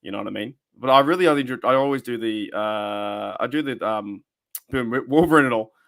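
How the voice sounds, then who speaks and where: A man's voice: medium pitch, a little fast, gravelly, a bit bright. A man hosting a casual sports podcast, rambling and often repeating his words. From Australia. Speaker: podcast host.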